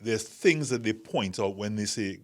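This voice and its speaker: Low-voiced Trinidadian man. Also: a little slow. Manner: reflective, talks in long winding sentences. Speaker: podcast host. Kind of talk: casual group discussion.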